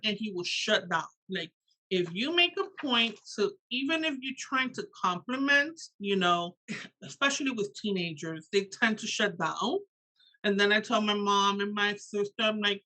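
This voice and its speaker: A woman's voice: a little high, poor audio. A middle-aged woman from Puerto Rico with a Puerto Rican accent, talking in a casual interview and often saying "you know". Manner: animated, lots of "you know" fillers. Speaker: guest author and educator.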